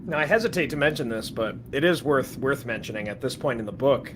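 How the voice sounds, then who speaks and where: A man talks through a casual watch-party chat, weighing his words and then drifting into stories. He laughs easily. His pitch is ordinary, with a faint noise behind him. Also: animated, fairly quick.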